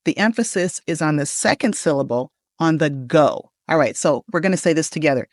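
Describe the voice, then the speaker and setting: A woman's voice: sits low, expressive, no room sound, studio quality. Encouraging American woman coaching pronunciation. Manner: upbeat, encouraging, slow deliberate model words. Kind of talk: pronunciation lesson with repeat-after-me drills.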